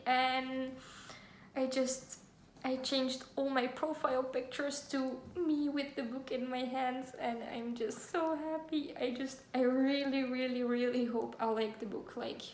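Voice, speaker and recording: A woman's voice: sits high, level tone, a little slow, a little hiss or hum. Gushing young woman, echoey room. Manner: gushing, giggly, full of fillers. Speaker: book vlogger. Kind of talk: casual book haul chat with read-aloud synopses. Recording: echoey room, faint ambience.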